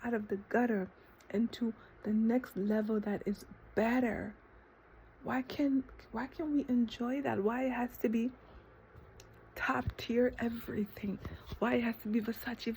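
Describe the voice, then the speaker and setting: A woman's voice: a little high, steady tone, a little mellow, slight background noise. A woman vlogger talking to herself in an impassioned, emotional monologue, repeating herself, swearing, and at times dropping to a whisper. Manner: halting restarts when emotional. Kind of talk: emotional self-talk monologue.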